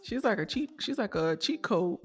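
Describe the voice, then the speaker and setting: A woman's voice: mid-range voice, expressive, moderate pace, breathy edge, soft background music. A young woman co-hosting a podcast, talking in a chatty, slangy way and laughing often. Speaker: podcast co-host. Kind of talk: casual chat.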